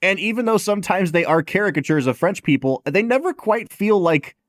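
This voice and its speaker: A man's voice: high voice, a little fast, no echo. Male podcast host, enthusiastic, voice rising and falling a lot, dry close sound. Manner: enthusiastic, expressive. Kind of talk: casual chat.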